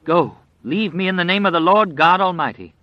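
A man's voice: a little high, fairly even intonation, unhurried, no echo, pitched above the performer's own voice, natural voice. Elderly devout woman, frightened but defiant, quavering , a man puts her on, dull audiobook sound. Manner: pleading, fervent, quavering. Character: very old devout woman, terrified yet defiant. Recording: dry, slightly dull audio.

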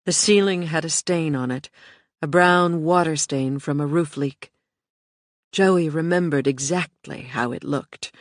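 A narrator reading an audiobook in a steady, measured way. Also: mid-range voice, dry recording, clean studio sound.

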